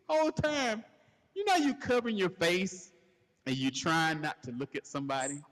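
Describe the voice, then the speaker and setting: A man hosting a podcast, telling a crude comedic story in a loose, animated way and laughing as he goes. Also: high voice, moderate pace. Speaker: podcast host. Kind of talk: casual comedic storytelling rant. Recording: long hall reverb.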